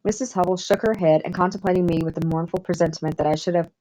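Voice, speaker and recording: A woman with a Southern US accent reading a classic novel aloud in measured, expressive scripted narration. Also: fairly low pitch, rough recording. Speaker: audiobook narrator.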